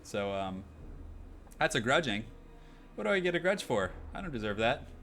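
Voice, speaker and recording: A man's voice: mid-range voice, very animated, normal speed, a bit bright, a little hiss or hum. A young man streaming a multiplayer game, chatting upbeat and rambling in a nasal, put-on Australian accent. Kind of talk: casual live-stream gameplay chat. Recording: game music playing behind. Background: game music.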